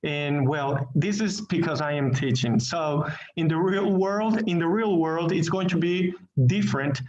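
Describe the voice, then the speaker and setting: A man whose first language is Spanish teaching an English class online, speaking slowly and deliberately and repeating words as he searches for them. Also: fairly high pitch, darkish tone. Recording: echoey, dull online class audio.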